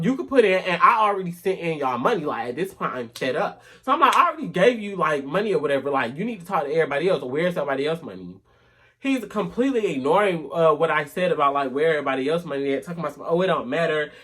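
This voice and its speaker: A woman vlogger telling a story in a sassy, animated way, often dropping to low mutters. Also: husky. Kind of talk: casual storytime rant.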